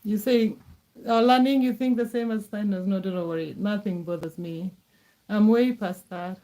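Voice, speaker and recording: A woman's voice: mid-range voice, normal speed, dark tone. A middle-aged woman from Kenya, chatting casually on a live stream, answering viewers' comments in a reassuring way and repeating her words.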